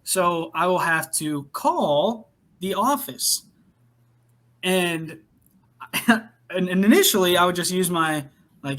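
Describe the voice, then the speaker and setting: A man's voice: high-pitched, lively intonation, slow, long pauses, fairly bright tone. A young man co-hosting a podcast, chatting casually and laughing as he tells a story about his sales job. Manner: chatty, laughs while telling a work story. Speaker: podcast co-host. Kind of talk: casual chat.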